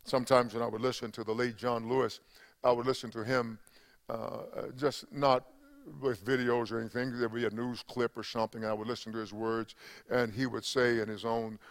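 An older male pastor preaching a sermon in a gravelly voice. He builds to loud, emphatic peaks and then drops back into a quieter, conversational tone. His delivery is full of fillers and restarts. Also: medium pitch, flat delivery, a little fast.

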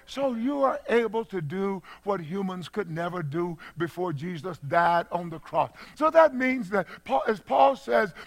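An older man preaching a sermon as pastor, folksy and repetitive, chuckling as he goes, dropping to hushed asides and rising to shouted exclamations. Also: sits high, lively intonation, unhurried, gravelly, few pauses. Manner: folksy, repeats phrases, chuckles.

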